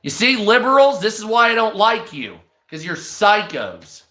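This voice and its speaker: A man's voice: sits high, very animated, normal speed, sharp tone. A man on a livestream, delivering a crude, heavily profane rant and thanking viewers mid-sentence. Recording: echoey room.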